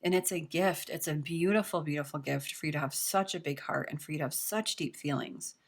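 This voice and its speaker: A woman's voice: deep voice, a little fast. A young woman giving a casual tarot reading, chatty and reassuring, with lots of filler words. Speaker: tarot reader.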